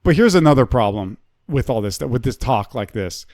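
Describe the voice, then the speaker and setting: A man's voice: medium pitch, lively intonation, a little fast, a little mellow. A man, a comedian, talking through his views in loose podcast banter, swearing freely and often restarting his sentences.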